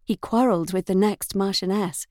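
A woman's voice: medium pitch, fairly even intonation, moderate pace, dark tone, no room sound, clean studio sound, lightly acted. Woman reading a cool, guarded young governess. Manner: demure and cool.

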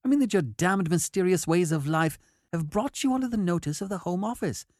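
A man voicing a pale, nervous young English gentleman who talks in a peevish, apologetic way. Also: high-pitched, expressive, fairly quick, dry recording, clean studio sound, voice pushed up.

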